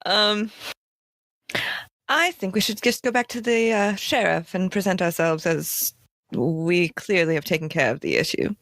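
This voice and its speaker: A woman's voice: fairly low pitch, measured pace, fairly bright tone. A woman playing a tabletop game, dropping dry, teasing remarks and planning the group's next step. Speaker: player. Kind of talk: casual tabletop play.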